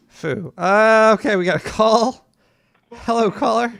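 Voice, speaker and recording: This man's high, fairly bright voice has a creaky edge, and he speaks at a measured pace with no room sound behind him. He hosts a comedic call-in radio show in the role of a paranoid cartoon rat, rambling through emails and tripping over his words, stammering and starting over.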